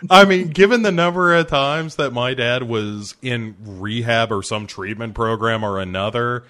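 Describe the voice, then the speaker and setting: A man's voice: mid-range voice, moderate pace, a bit bright. A man co-hosting a casual movie-review podcast, often breaking into laughter as he talks. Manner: laughs often while talking. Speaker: podcast co-host.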